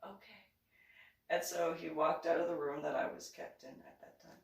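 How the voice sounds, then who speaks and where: A woman's voice: low-pitched, moderate pace, gravelly. A woman vlogger telling a rambling personal story in casual talk, laughing often between lines. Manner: lively, rambling anecdotal delivery. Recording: echoey room, distant from mic.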